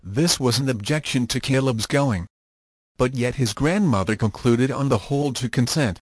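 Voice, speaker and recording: A man's voice: mid-range voice, slightly rough, no echo. Man narrating a storybook, dry sound. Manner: steady, measured reading. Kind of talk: audiobook narration of a children's story.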